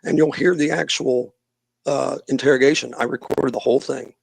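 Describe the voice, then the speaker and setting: A man's voice: mid-range voice, steady tone, normal speed, gravelly, husky, no echo. A middle-aged man, a youth minister and podcast guest, telling a long story in casual interview talk and acting out the people he quotes.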